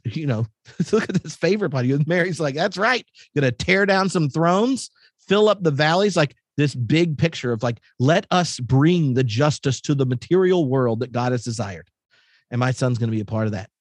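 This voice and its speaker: A man giving a casual, animated theological talk, full of fillers like "like" and "um". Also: mid-range voice, no room sound. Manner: animated, filler-heavy, conversational. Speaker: podcast guest speaker.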